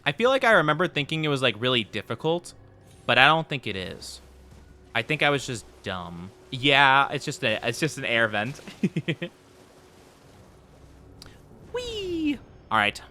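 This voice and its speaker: Here the same kind of streamer speaks at medium pitch, very animated, bright and forceful at normal speed. He's a VTuber laughing a lot while casually commentating a game and bantering with chat.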